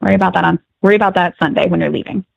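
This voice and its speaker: A woman calling in to a podcast as a guest, chatting upbeat and quick with her asides. Her line sounds a bit dull and lo-fi, and dry with no room around it. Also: lowish voice, steady tone, vocal fry, no room sound. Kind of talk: casual chat.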